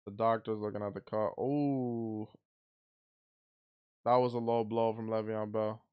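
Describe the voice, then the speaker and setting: A man giving blunt, excitable play-by-play commentary on a boxing match as he watches it live. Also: fairly low pitch, fairly quick, clean tone, dull audio.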